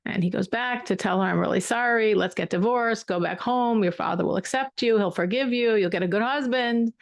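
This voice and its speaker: A woman's voice: medium pitch, a little fast, gravelly, lightly acted. A woman voicing a humble middle-aged shepherd, doubtful of himself, in her own speaking voice.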